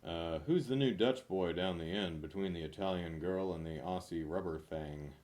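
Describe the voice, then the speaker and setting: A man reading knock-knock jokes one after another, loud on the punchlines and mumbling his asides. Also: deep voice, normal speed. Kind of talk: rapid-fire joke reading.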